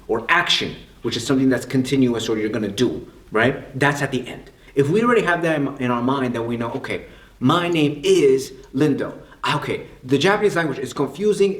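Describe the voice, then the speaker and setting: A man from the United States explaining basic grammar in a casual classroom way, asking rhetorical questions and repeating himself. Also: medium pitch. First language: English. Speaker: language teacher. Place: room with a whiteboard. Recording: echoey room.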